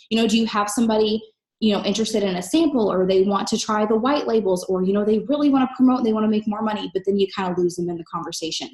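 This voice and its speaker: A woman coaching network marketers in an energetic, emphatic solo talk, recorded at home in her kitchen. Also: medium pitch, echoey room. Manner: energetic, emphatic, fast-talking.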